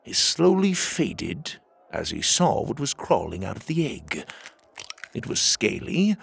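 A man narrating a children's audio story, with expressive storytelling. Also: slow, vocal fry, husky, dry recording. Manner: expressive storytelling with lively pitch.

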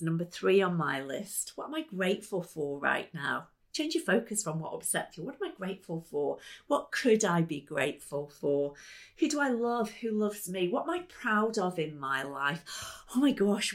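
Upbeat woman giving a talk. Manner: upbeat, laughs often, bursts into high excited exclamations. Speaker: speaker. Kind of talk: motivational talk to a live audience. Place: business meeting room.

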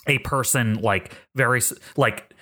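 A man's voice: mid-range voice, unhurried, bright, forceful tone. A man running a tabletop game as game master, describing things in a rambling way with lots of fillers.

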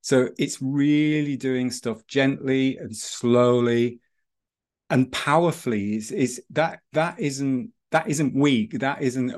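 A man who teaches breathing and running, telling stories in a relaxed podcast chat with many restarts. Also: mid-range voice, takes it slowly. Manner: storytelling, rambling with restarts.

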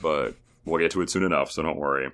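A man's voice: very deep voice, fairly bright tone. A man co-hosting a podcast, recapping episodes in a chatty, joking way. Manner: chatty, joking, does quick impressions of people. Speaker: podcast co-host. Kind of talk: casual recap chat.

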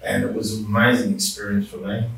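Earnest low-voiced man in echoey room. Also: level tone, quick pace, creaky, a bit bright. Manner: earnest, heartfelt storytelling with restarts. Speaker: guest sharing testimony. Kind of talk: personal faith testimony, conversational. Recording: roomy echo, distant mic.

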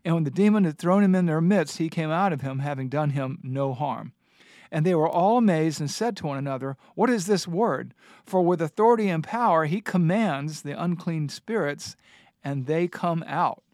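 A man's voice: on the high side, animated, normal speed, a little mellow, no room sound, studio quality. A man hosting a Bible discussion, reading passages aloud and teaching with earnest emphasis. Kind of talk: scripture teaching in a studio discussion.

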